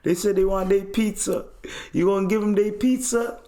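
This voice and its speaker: A man voicing a rowdy young guy who taunts his neighbors over a stolen pizza, talking higher and louder than his usual voice. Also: steady tone, moderate pace, reverberant. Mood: taunting.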